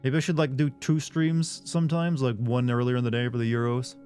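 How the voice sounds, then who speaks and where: A man's voice: mid-range voice, little pitch movement, brisk, a little mellow, faint music behind. A man from the US South, with no regional accent, streaming a game and chatting casually, reading viewer messages aloud and answering them in a rambling way. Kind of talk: casual live-stream chat.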